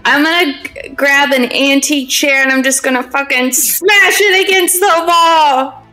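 A woman's voice: high voice, measured pace, sharp tone, faint music behind. A woman playing in a tabletop game, chatting casually and playfully. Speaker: player. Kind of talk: casual chat.

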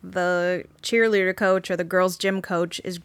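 A woman's voice: fairly low pitch, little pitch movement, clear, resonant tone, no room sound. A woman co-hosting a podcast, chatting casually about a film. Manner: chatty, quick to laugh. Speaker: podcast co-host. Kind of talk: casual movie chat.

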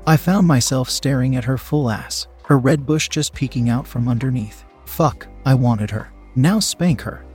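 Husky male storyteller. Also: medium pitch, moderate pace, few pauses, a little mellow, faint music behind. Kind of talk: first-person story narration.

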